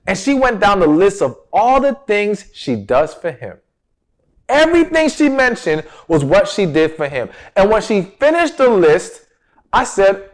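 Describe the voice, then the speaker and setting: A man's voice: high-pitched, big pitch swings, moderate pace. Emphatic man giving relationship advice. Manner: emphatic, preacher-like stress with rhetorical questions. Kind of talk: direct-to-camera advice talk.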